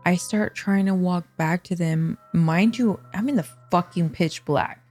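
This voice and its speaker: A woman's voice: on the low side, unhurried, soft background music. A young adult woman telling a spooky story in casual chat, swearing a lot and acting out what people said. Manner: profane, animated storyteller acting out quotes. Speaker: guest.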